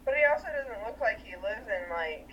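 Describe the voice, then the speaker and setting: A woman in casual chat, unhurried, giving short agreeing replies and comments as a podcast co-host. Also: mid-range voice, lively intonation, a bit bright. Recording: dull lo-fi mic with faint hiss.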